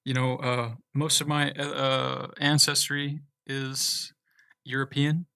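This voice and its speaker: A man's voice: medium pitch, flat delivery, takes it slowly, vocal fry, sharp tone, clear, resonant tone, no echo. Laid-back man answering chat, dry sound. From United States. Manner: laid-back, reads viewer questions aloud and answers loosely. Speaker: livestream host answering chat. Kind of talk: casual livestream chat.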